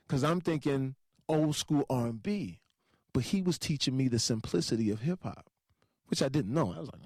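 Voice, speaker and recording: Male storyteller, animated, full of laughs and quick voice impressions; mid pitch, very lively swings, dry close sound. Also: husky, no room sound. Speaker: entertainer telling a story. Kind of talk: animated anecdote with acted-out quotes.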